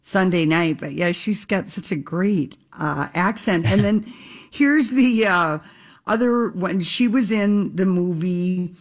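Lower-voiced woman radio host, chatty. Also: takes it slowly. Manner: chatty, gossipy, upbeat. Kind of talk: casual chat.

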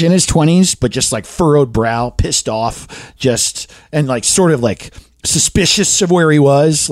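A man's voice: medium pitch, no room sound, studio quality. A young man hosting a comedy podcast, telling a story in a casual chat and acting out the voices in it. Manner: animated, acts out voices in his stories. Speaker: podcast host.

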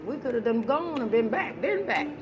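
A woman hosting a casual podcast chat, loud and teasing with profane banter. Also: a little high, very animated, moderate pace, lo-fi sound, music in the background. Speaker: podcast host.

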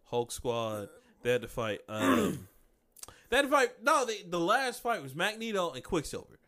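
Animated, high-voiced man chatting. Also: a little slow. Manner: animated, acts out scenes with many voices and laughs. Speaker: podcast co-host. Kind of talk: casual podcast chat.

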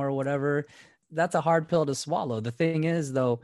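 A man's voice: on the high side, steady tone, normal speed, a little mellow, dry recording, clean studio sound. A man co-hosting a casual chat podcast, laid-back, laughing often and swearing casually. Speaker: podcast co-host.

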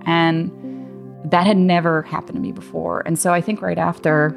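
Low-voiced woman telling a personal story. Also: little pitch movement, normal speed, vocal fry, soft background music. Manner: chatty, laughing, many fillers.

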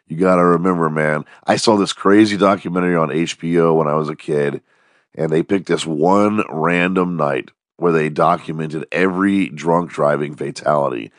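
A man's voice: very deep voice, moderate pace, no room sound, studio quality. A man, hosting a casual, profane monologue podcast with a strained, worn-out voice. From Texas. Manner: profane, jokey, animated storytelling. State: strained, losing his voice. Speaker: podcast host.

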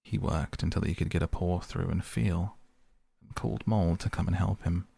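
A man reading a bedtime audiobook softly and unhurriedly. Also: deep voice, steady tone, moderate pace, gravelly, husky. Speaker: podcast audiobook reader.

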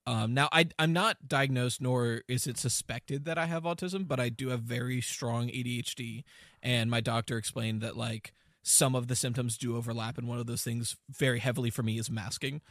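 Male podcast host, casual and rambling, medium pitch, dry recording. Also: steady tone, moderate pace, fairly bright tone, no room sound. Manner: explains in a loose, rambling way with many fillers.

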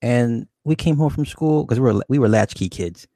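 A man's voice: mid-range voice, normal speed, vocal fry, warm tone, no echo, clean studio sound. A man hosting a call-in show, telling a childhood story in a laid-back, profane way and laughing often. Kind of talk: casual late-night call-in storytelling.

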